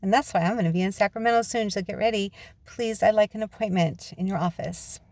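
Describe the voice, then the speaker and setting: A woman's voice: mid-range voice, fast talker, a little mellow, no room sound. Chatty ranting woman, dry sound. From United States. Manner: chatty, ranting, digressive, laughs often. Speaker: vlogger and author. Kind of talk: rambling casual monologue. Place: inside her parked car.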